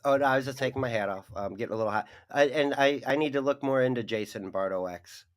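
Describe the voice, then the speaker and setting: Laid-back guy co-hosting, mid pitch, rambles and laughs. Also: fast talker. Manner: laughs often, goes off on tangents. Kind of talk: casual chat.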